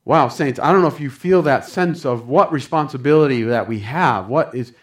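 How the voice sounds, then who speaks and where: A man's voice: mid-range voice, moderate pace. A man preaching a sermon, telling stories fervently and calling his listeners saints. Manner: fervent, addresses congregation as saints. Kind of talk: sermon storytelling.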